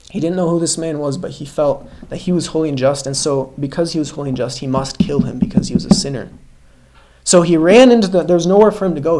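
On a rough recording, a man with a slightly high voice preaches a sermon, calling his listeners brothers and sisters. He tells a story earnestly and emphatically, swinging between loud, stressed words and hushed lines.

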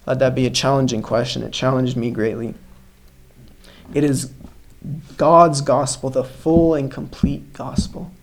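A man's voice: medium pitch, level tone, a little slow, low-quality recording. Earnest male preacher telling a conversion story. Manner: earnest, emphatic storytelling, swings between loud stresses and hushed lines; addresses listeners as brothers and sisters. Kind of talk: sermon.

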